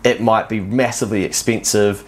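Lowish-voiced New man, blunt. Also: fairly even intonation, normal speed, husky. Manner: loose and blunt, swears freely. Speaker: podcast guest. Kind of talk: casual chat.

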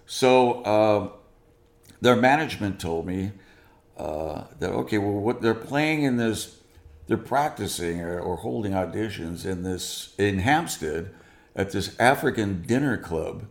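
A man being interviewed, telling a long anecdote in an animated way and acting out the dialogue. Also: on the low side, unhurried, reverberant. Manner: animated, acts out quoted dialogue. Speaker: guest musician. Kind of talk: storytelling interview.

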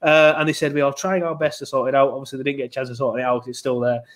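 A man's voice: medium pitch, flat delivery, rapid-fire. A man co-hosting a podcast in casual chat, chatty and self-mocking, telling stories with animation. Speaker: podcast co-host.

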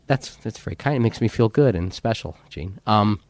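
Wry, low-voiced podcast co-host man. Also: lively intonation, darkish tone, dry recording. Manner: wry and teasing, quick to laugh. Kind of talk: casual conversation.

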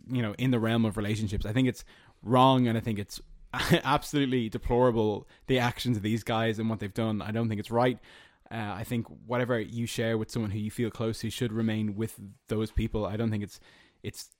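A man's voice: lowish voice, little pitch movement, a little fast, hardly any pauses, dry recording, clean studio sound. A young Irish man hosting a casual podcast chat with friends, talking in a rambling, reflective way full of fillers. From Ireland. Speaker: podcast host.

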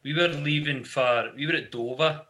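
A man's voice: on the high side, normal speed, pushed and bright, a little hiss or hum. A Scottish man, a band member guest on a live podcast, joking and cutting in with quips. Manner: jokey, cuts in with quips.

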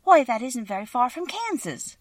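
Woman doing a high wondering young girl. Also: very animated, moderate pace, no room sound, clean studio sound, recorded from a distance. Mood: curious. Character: bewildered young farm girl.

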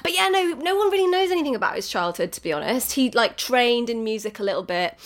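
A woman's voice: fairly high pitch, very animated, fast. A woman co-hosting a podcast, explaining music history in a chatty way with frequent giggles and asides. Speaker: podcast co-host.

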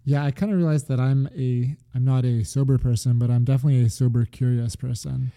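A man's voice: medium pitch, fairly even intonation, fast talker, warm tone, smooth. A man in his thirties co-hosting a podcast, chatting casually and laughing easily. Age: 30s. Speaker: podcast co-host. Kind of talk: casual chat.

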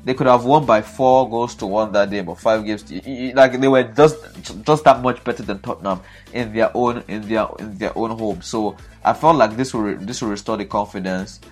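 A man giving animated football match analysis, exasperated and emphatic, often repeating himself for effect. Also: lowish voice, moderate pace, soft background music. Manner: exasperated, repetitive, emphatic ranting. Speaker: football pundit.

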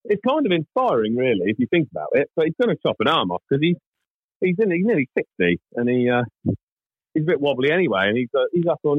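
A man's voice: a little high, husky, no echo, narrow, tinny audio. A man, co-hosting a podcast and telling a funny story in casual, swear-filled chat. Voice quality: sweary, animated anecdote-telling. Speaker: podcast co-host.

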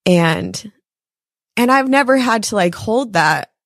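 Young woman guest, lots of likes and fillers, kinda gravelly, dry sound. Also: a little high, lively intonation, takes it slowly, no room sound. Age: young adult. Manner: chatty, emotional, many fillers. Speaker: podcast guest. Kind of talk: casual chat.

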